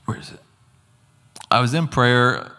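A man's voice: medium pitch, a little slow, sharp tone, smooth. A man giving an earnest, conversational sermon testimony with casual asides. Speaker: preacher. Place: church hall. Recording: long hall reverb.

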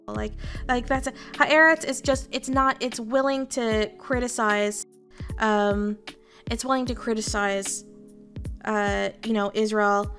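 A woman's voice: a little high, steady tone, slow pace, fairly bright tone, faint music behind. A Canadian woman streamer talking casually to her viewers, candid and rambling, swearing freely. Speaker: VTuber streamer.

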